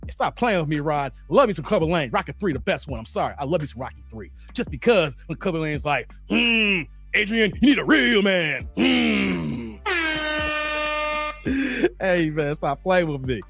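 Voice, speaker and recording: Animated high-voiced man hosting a stream. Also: moderate pace, slightly rough, faint music behind. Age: around 40. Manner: animated, slangy, laughs often, chats with the chat. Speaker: livestream host. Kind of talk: casual livestream chat reading viewer comments.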